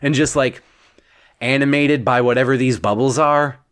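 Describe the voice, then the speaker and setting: A man telling an absurd second-person bedtime story in a deadpan, wandering way. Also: mid-range voice, clean tone. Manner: slow, deadpan, wandering delivery.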